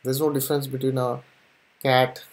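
Guy talking spirituality to his viewers, lively, keeps saying yes, mid-pitched voice. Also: normal speed. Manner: animated, repeats "yes" often, laughs between points. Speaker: spiritual and astrology channel host. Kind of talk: casual spiritual talk to camera.

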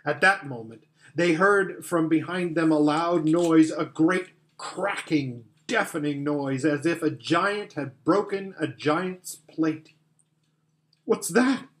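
A man narrating a children's fantasy story as an audiobook reader, with gentle storytelling. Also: a little high, takes it slowly, few pauses. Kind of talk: scripted narration.

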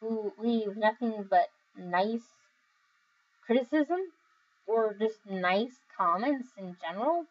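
A tired young woman reading viewer comments in a casual, rambling chat, giggling often and filling pauses with "um" and "like". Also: on the high side, lively intonation, dull audio. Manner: giggly, rambling, with many fillers. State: overly tired. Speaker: video creator reading comments.

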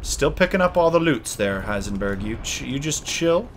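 A man hosting a let's play, talking casually and excitably, yelling and swearing at the game. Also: mid-range voice, normal speed, few pauses, slight background noise. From Canada. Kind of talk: casual gaming commentary.

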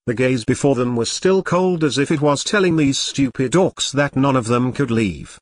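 A man reading a translated fantasy web novel aloud as an audiobook narrator, in an even storytelling manner. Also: medium pitch, moderate pace, few pauses, no echo.

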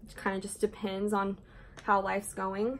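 A woman's voice: medium pitch, completely flat delivery, a little slow, a bit bright. A young woman with a Southern US accent, chatting casually and rambling while she does her makeup at home. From Southern Indiana, USA. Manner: chatty, rambling, frequent laughs and asides. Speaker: beauty vlogger. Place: indoors at home, doing makeup.

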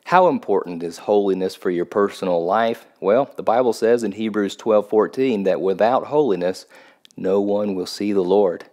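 A man's voice: fairly low pitch, moderate pace, a little mellow. A male pastor giving a short video sermon, emphatic and stressing key words with rising force.

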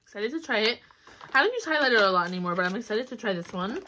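A woman's voice: medium pitch, lively intonation, rapid-fire, bright, forceful tone. Chatty young woman filming a haul. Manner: chatty, upbeat, with fillers and little squeals of delight. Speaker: vlogger. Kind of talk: casual haul vlog chat. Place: home, indoors. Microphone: camera on a stand.

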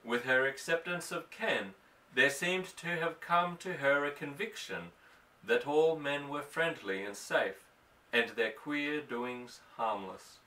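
A man's voice: mid-range voice, slow, bright, forceful tone, far from the mic, poor audio. A man reading a novel aloud as an audiobook, telling the story expressively and voicing each character. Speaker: audiobook narrator.

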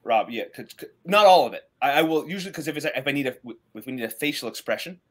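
A man in casual conversation who stops and restarts often and leans on fillers, then picks up into animated runs when an idea lands. His voice sits at an ordinary middle pitch for a man, plain and unremarkable. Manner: halting, many restarts and fillers, animated bursts. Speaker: co-host of a comics writing podcast. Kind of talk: casual discussion.

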